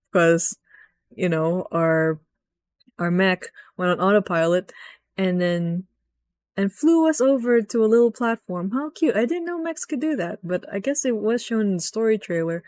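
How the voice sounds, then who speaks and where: A young woman recapping a video game in a rambling, excitable rant, swearing often and jumping up in pitch when frustrated. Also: no echo. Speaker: gaming vlogger.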